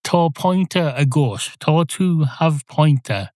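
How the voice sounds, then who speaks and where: A man's voice: on the high side, lively intonation, very slow, darkish tone, dry recording, studio quality. An Irish man voicing a sarcastic schoolteacher who gives classroom orders.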